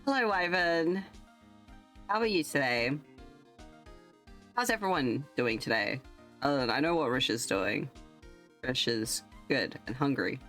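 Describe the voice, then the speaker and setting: A woman's voice: a bass voice, lively intonation, unhurried, long pauses, fairly bright tone, faint music behind. A young woman streamer chatting casually with her viewers, rambling and self-deprecating. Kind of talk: casual livestream chat.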